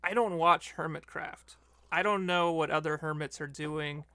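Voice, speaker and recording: A woman guesting on a game stream, chatting casually with quick, jokey reactions. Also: sits low, pushed and bright, dry recording. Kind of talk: casual chat. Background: game music.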